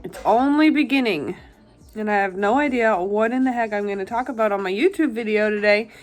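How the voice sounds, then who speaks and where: A woman's voice: medium pitch, a little fast, faint music behind. A young woman chatting casually to camera at home, rambling and self-deprecating, teary-eyed. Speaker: vlogger. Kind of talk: casual vlog chat.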